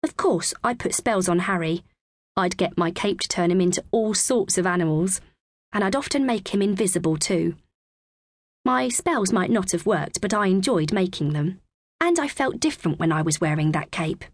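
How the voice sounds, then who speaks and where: A woman narrating a children's audiobook in the first person with a clear, expressive, measured reading. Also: on the low side, no echo.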